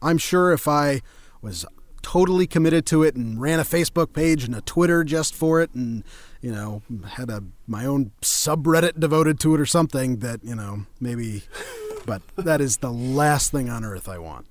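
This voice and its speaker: A man's voice: medium pitch, expressive, normal speed, no echo. A young man, a voice actor, chatting casually as an interview guest; self-deprecating, laughs easily and slips in and out of voices. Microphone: home studio.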